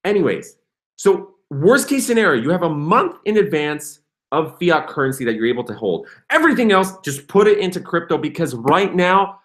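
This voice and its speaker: A young man hosting a casual livestream, talking in an excitable, rambling way and reading comments aloud. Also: a little high, normal speed. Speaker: crypto livestream host.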